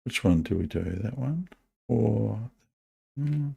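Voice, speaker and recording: A man with a New Zealand accent streaming online chess, muttering to himself as he plays and gently mocking his own moves. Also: medium pitch, animated, slow, vocal fry, slightly rough. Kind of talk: live online chess commentary.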